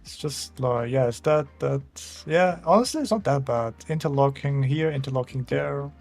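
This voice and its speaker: A young art streamer from Austria talks in a gravelly, darkish, mid-range voice at a moderate pace, his accent Austrian German. He chats casually while drawing, rambling and chuckling over chat, with faint music in the background.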